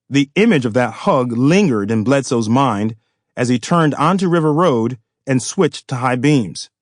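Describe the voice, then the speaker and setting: A man narrating his own novel as an audiobook, in a measured, even manner. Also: mid-range voice, no room sound, clean studio sound. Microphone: studio microphone.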